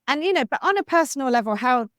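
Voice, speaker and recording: A woman author being interviewed on a podcast, talking in an animated, talkative way with lots of "like" and "you know.". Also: high voice, quick pace, no room sound, studio quality. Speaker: author guest.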